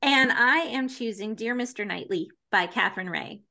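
A woman hosts a casual book podcast in a very bright, clear voice. She is chatty and enthusiastic, and laughs easily as she talks. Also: on the high side, moderate pace. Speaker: podcast host.

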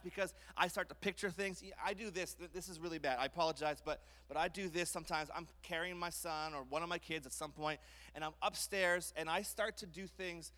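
A man in his thirties from Canada, preaching a sermon and telling lively stories, acting out his own voice and others' in quotes. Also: on the high side, fairly quick. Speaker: pastor. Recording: long reverb of a large hall.

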